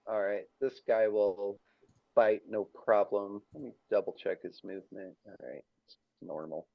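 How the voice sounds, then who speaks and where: A man's voice: lowish voice, steady tone, moderate pace, gravelly, no room sound, dull audio. A man running a tabletop game as dungeon master, casual and matter-of-fact, laughing with his players.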